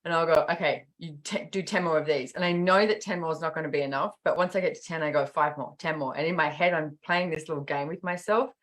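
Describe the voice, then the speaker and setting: A woman's voice: sits low, fast, hardly any pauses. A middle-aged woman, chatting casually as a podcast host and acting out quotes as she tells stories. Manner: animated storytelling with acted-out quotes. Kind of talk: casual chat.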